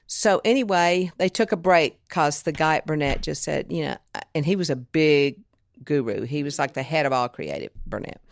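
Low gravelly woman. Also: moderate pace, dry recording, studio quality. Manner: animated storyteller, acts out others' lines. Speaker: guest, music producer and author. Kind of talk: storytelling interview.

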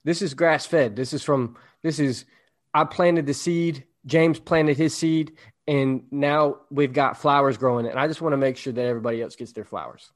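A man's voice: mid-range voice, steady tone, moderate pace. A man co-hosting a podcast, talking through ideas in a rambling, reflective way during casual chat. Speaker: podcast co-host.

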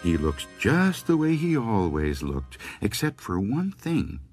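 A man voicing a polite widow who thanks an undertaker, in a gentle, appreciative way. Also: fairly low pitch, huge pitch swings, slow, slightly rough, dry recording, soft background music, heavily acted. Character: polite grateful widow at a funeral parlor.

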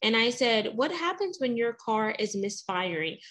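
A woman's voice: a little high, big pitch swings, measured pace, fairly bright tone. A woman hosting and coaching, chatting eagerly and telling everyday stories. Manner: enthusiastic, tells anecdotes. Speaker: host and coach. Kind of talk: casual chat.

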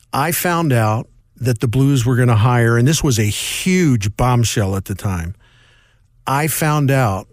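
A middle-aged male sports columnist telling stories as a guest in a casual interview, animated and quick in bursts. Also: mid-range voice, no room sound, clean studio sound.

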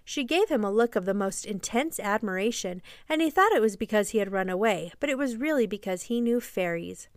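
A woman narrating a classic children's story as a podcast storyteller, gently and evenly paced. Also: mid-range voice, expressive, a little fast, few pauses, no echo, clean studio sound.

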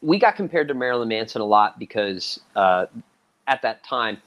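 A man in casual conversation, spinning anecdotes with a lot of lift and fall in his pitch. He gets animated and raises his voice when he acts out quotes. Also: moderate pace, lo-fi sound. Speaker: guest musician. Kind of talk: casual storytelling.

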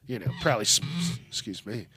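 A man's voice: mid-range voice, expressive, fast talker, pushed and bright, slight background noise. A man hosting a casual news podcast, rambling and swearing with lots of fillers, talking at a microphone on a stand. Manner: rambling, profane, frequent fillers. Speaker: podcast host. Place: home studio with a mic stand.

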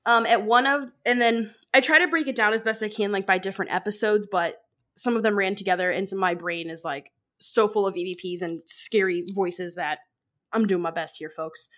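Woman, podcast co-host, casual chat, rambling, excitable, lots of "like". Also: mid-range voice, a little fast. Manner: rambling, fills with "like"; excitable, laughs often.

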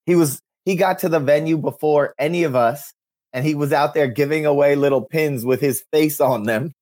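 A man's voice: fairly high pitch, moderate pace, a little mellow. A man co-hosting a casual podcast chat, teasing his friends with playful banter. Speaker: podcast co-host.

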